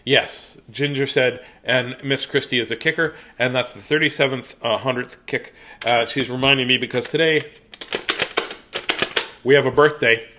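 A man hosts a live reading show of children's books, talking at normal speed in a steady, sharp mid-range voice, with slight background noise in the recording. He chats casually and playfully with viewers and breaks out silly sing-song chants and fake announcer calls.

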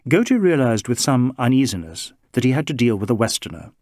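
A male audiobook narrator reads scripted narration in a measured, expressive way. His voice sits at a medium pitch, captured in a dry, studio-quality recording.

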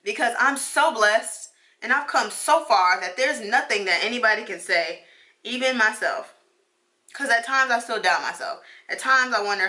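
A woman's voice: fairly high pitch, lively intonation, normal speed, pushed and bright. A woman in her twenties, a beauty vlogger and law student, chatting casually while getting ready and talking emphatically, repeating phrases to drive her encouragement home. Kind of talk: casual get-ready-with-me chat.

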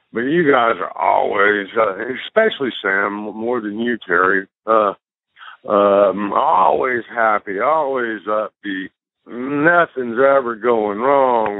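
A man's voice: lowish voice, no echo. Man teasing, dry phone-like audio. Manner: teasing, drawn-out emphasis. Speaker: retired pro wrestler guest. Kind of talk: casual chat.

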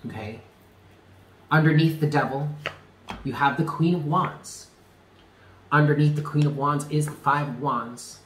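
A man giving a spoken tarot reading, earnest and emphatic, often repeating himself and dropping low on key words. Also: fairly bright tone, reverberant. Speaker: tarot reader.

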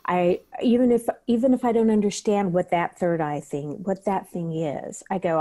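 A woman's voice: medium pitch, moderate pace, mellow. A woman breathwork teacher talking in an interview, earnest, acting out the questions she asks herself. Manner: earnest, acts out her own inner questions. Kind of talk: conversational interview.

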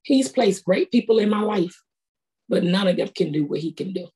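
A woman's voice: mid-range voice, expressive, normal speed, darkish tone. Woman, middle-aged, sermon, colloquial, earnest. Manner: earnest, conversational preaching with colloquial speech. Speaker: prophetess preaching.

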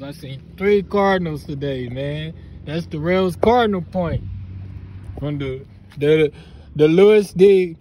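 A man, vlogging excitedly and reverently on his family's road, laughing often. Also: on the high side, slight background noise. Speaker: vlogger visiting family land. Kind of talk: emotional casual vlog narration.

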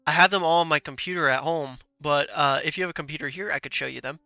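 Playful male streamer, rather high voice, slightly lo-fi audio with faint game music. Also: fast, sharp tone. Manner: playful, chuckling, trolling the characters. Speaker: gaming streamer. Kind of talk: casual gaming commentary.

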